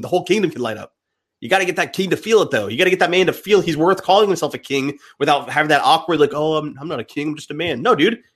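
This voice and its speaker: A man's voice: on the high side, a bit bright, breathy edge. A young man speaking as an interview guest, fired-up and emphatic, with some swearing. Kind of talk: impassioned interview talk.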